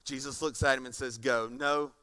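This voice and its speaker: A pastor preaching a sermon to a congregation, animated and acting out scenes, moving from soft tones to loud passages. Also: male voice, medium pitch, moderate pace. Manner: animated, swings from soft to shouting. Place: church stage before a congregation.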